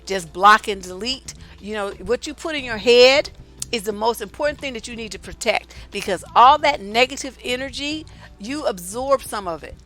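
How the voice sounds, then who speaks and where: Blunt, bright-voiced older woman coach. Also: a little high, moderate pace, soft background music. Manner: blunt, profane and emphatic, repeating key phrases. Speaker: relationship coach. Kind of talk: motivational monologue to women viewers.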